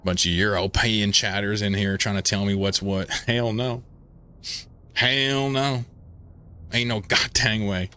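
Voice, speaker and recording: A man's voice: on the low side, steady tone, measured pace, pushed and bright, smooth. A man putting on an ornery Southern redneck drawl. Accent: exaggerated Southern US drawl. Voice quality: drawling, folksy, cussing.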